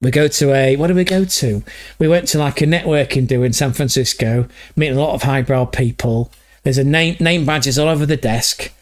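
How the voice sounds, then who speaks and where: A man's voice: mid-range voice, fairly quick. Sweary English man hosting a stream. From England. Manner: rambling, sweary storytelling. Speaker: livestream host. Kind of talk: casual chat.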